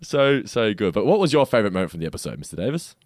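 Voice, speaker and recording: A man's voice: on the low side, sing-song, racing, a little mellow, dry recording, clean studio sound. A man co-hosting a podcast, chatting casually in an emphatic, blunt way. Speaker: podcast co-host. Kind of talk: casual chat.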